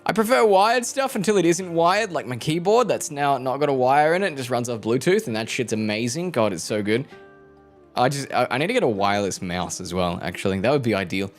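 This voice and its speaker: A man's voice: medium pitch, animated, brisk. A man in his twenties chats loosely with viewers on a live stream. He rambles, jokes and swears as he goes, with faint music playing behind him. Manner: rambling, joking, swears freely, talks to chat. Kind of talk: casual stream chat with viewers.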